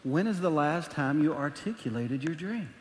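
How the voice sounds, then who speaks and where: A male pastor with a high-pitched voice delivers an animated sermon. He drops to quiet, almost confiding asides, then builds up to shouts. His words ring out under the long reverb of a large church hall. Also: normal speed.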